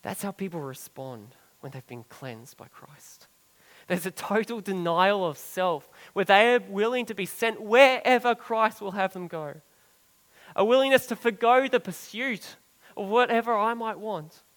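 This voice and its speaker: Pastor, male, high-pitched, earnest sermon delivery that swells and then hushes. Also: measured pace, in a large hall, low-quality recording. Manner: earnest preaching that swells for emphasis and drops soft and low on key phrases.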